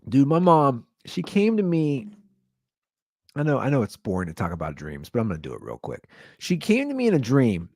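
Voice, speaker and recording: A man in his thirties hosting his own podcast, telling stories in a casual comedic rant and jumping into high-pitched quoted voices. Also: wildly swooping pitch, normal speed, vocal fry, a little mellow, dry recording, studio quality. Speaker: podcast host.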